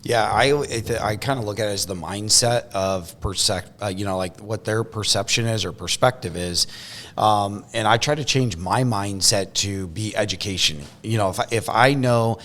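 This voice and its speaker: A man's voice: on the low side, normal speed, a bit bright. A man hosting a podcast, talking casually and rambling, with lots of restarts and fillers. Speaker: podcast host. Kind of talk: casual conversation.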